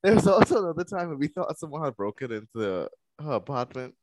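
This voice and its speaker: A man co-hosting a casual podcast chat, telling stories in an animated way with quoted voices. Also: on the high side, fast, no echo. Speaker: podcast co-host.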